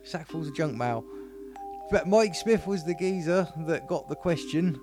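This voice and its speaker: A man's voice: a little high, expressive, a little slow. A man co-hosting a music podcast, joking and bantering casually with frequent laughs. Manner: jokey, playful, laughs often. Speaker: podcast co-host.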